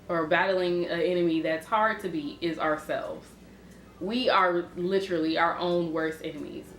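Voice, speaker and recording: A young adult woman talking openly in a personal vlog, rambling and halting with many restarts and fillers. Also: on the low side, roomy sound, slight background noise. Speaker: vlogger.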